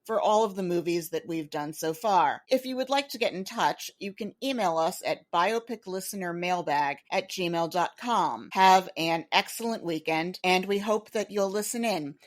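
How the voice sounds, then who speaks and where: A woman's voice: lowish voice, normal speed, hardly any pauses. A woman co-hosting a film podcast, giving dry reactions and reading the show's sign-off. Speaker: podcast co-host. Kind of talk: casual chat and scripted outro.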